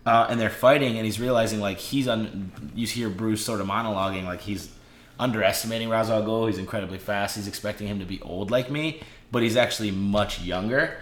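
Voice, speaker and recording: A man's voice: on the low side, fairly quick, echoey room, slight background noise. A man co-hosting a casual podcast, enthusiastically describing comic panels and quoting characters with lots of "like". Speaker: podcast co-host. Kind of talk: casual comic book chat.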